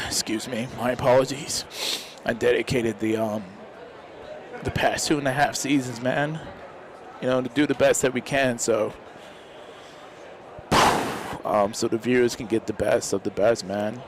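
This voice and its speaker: A man's voice: mid-range voice, steady tone, a little slow, pauses often. Heartfelt rambling male stream commentator. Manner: rambling, heartfelt, leans on "man". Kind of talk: casual live commentary.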